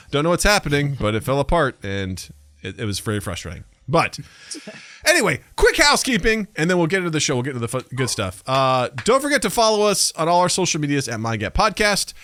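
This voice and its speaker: A man's voice: medium pitch, fairly bright tone, no echo. A man hosting a podcast in a casual, goofy, self-mocking way. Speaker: podcast host.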